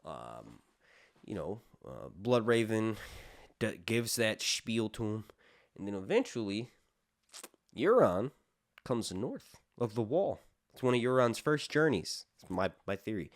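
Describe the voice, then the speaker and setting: A laid-back male podcast host with a lowish voice who rambles through his points with plenty of fillers and casual swearing. He sounds close and dry, with no room echo. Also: big pitch swings, measured pace. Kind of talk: casual lore commentary.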